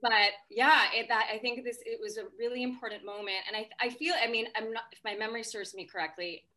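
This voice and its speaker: A woman's voice: on the high side, fairly even intonation, quick pace, pushed and bright. A woman in casual discussion on a podcast, talking in a chatty way with many fillers and restarts.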